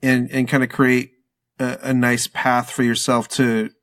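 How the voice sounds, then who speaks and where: A man's voice: medium pitch, level tone, a little slow, a bit bright. A man from the United States, a guest in a casual video call chat, playful and self-mocking.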